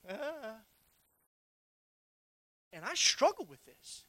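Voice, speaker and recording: A preacher delivers a sermon in a bright, sharp voice. The talk is conversational, driven by rhetorical questions and sudden shouts. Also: high-pitched, big pitch swings, moderate pace, no room sound.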